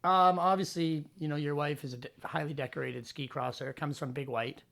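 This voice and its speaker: Gravelly podcast host asking loose questions. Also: male voice, fairly high pitch, steady tone, a little fast, fairly bright tone. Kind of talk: casual interview.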